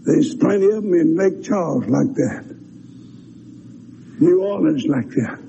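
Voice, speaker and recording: A man preaching a revival sermon, shouting and then dropping low in turn. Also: gravelly. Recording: dull lo-fi recording with faint hiss.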